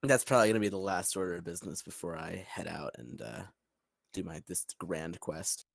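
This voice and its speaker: Male player, low and gravelly, casual, dry recording. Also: dry recording. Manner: casual, quick questions. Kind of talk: tabletop game play.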